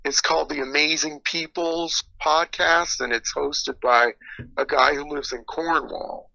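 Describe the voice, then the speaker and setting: Gravelly, sharp-edged guest voice on a dull, dry lo-fi line, earnest and animated. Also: medium pitch, measured pace, no echo. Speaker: podcast guest. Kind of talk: casual conversation.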